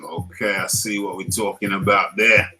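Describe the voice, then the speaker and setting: A man's voice: deep voice, level tone, normal speed, pushed and bright, soft background music, low-quality recording. A man with a British accent hosting a casual live stream, playful and laughing often, repeating his lines as he reads the chat.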